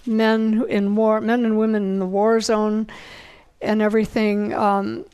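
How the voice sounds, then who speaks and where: An older woman giving an informal Bible teaching, earnest and conversational, slowing down to read scripture aloud. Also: a little high, a little mellow, clean tone, poor audio.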